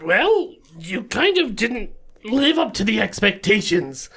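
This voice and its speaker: Husky, teasing woman player. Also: mid-range voice, very animated, takes it slowly, a bit bright. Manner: teasing, sarcastic. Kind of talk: casual tabletop play.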